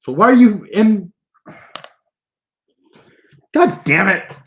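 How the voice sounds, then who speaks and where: A man voicing a crude, brash male goblin king who shouts and curses in a high voice. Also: sing-song, moderate pace, muffled recording. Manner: shouting, cursing, high-pitched.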